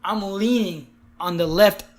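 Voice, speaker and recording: A man's voice: sits high, a little slow. A young man co-hosting a podcast, telling a story in casual chat, acting out the quotes and laughing often. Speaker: podcast co-host.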